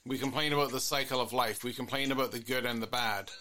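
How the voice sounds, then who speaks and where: A couples therapist hosting his own podcast muses earnestly in a solo monologue, circling back over his points. His mid-range voice is fairly even in intonation, pushed and bright, and he talks fast.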